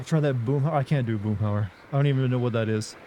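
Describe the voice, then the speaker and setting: A man's voice: mid-range voice, a little fast, dark tone, slight background noise. A young man from the Southern United States with a slight Southern US accent, chatting casually and rambling while streaming a game. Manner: chatty, rambling, self-deprecating. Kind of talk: casual live-stream gaming chat.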